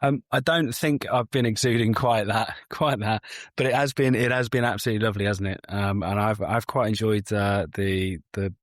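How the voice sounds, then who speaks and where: A man chatting as a podcast guest, rambling and halting, with lots of fillers. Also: on the low side, steady tone, no room sound, clean studio sound. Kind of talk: casual chat.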